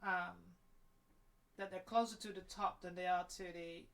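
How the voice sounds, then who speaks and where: Woman w hiccups mumbling to herself as she works on cosplay armour, kinda halting and thinking out loud. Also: on the low side, steady tone. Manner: thinking aloud while working, trailing off. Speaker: cosplay crafter streaming her build. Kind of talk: casual working commentary.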